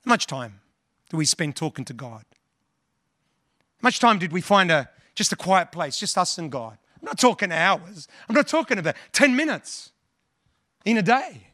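A man's voice: high voice, very animated, normal speed, sharp tone, no room sound, studio quality. A male pastor preaching earnestly, often repeating words and quoting scripture and hymns. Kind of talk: sermon.

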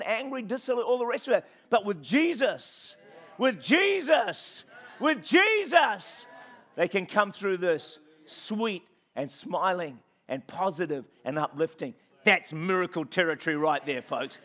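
A male preacher with a high voice delivers a fiery sermon in church. He drops to quiet, reflective passages, then rises to loud, impassioned repetitions. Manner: repeats phrases for emphasis. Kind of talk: passionate sermon.

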